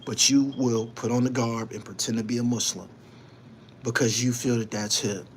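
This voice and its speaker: A man's voice: mid-range voice, steady tone, moderate pace, slight background noise. A man hosting his own online show, delivering a heated live-stream monologue, emphatic and repetitive, scolding someone and invoking his faith.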